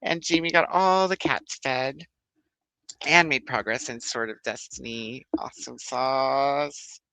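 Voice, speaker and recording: A man's voice: medium pitch, lively intonation, measured pace, pushed and bright, no room sound. A man hosting a book club livestream, chatting casually, rambling, laughing often and reading out viewer comments.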